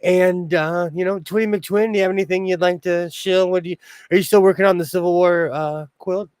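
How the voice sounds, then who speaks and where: A man's voice: sits high, fairly even intonation, fairly quick, a little mellow, smooth, dry recording. A man hosting a casual sewing livestream, chatty and rambling, laughing often. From Los Angeles area. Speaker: host.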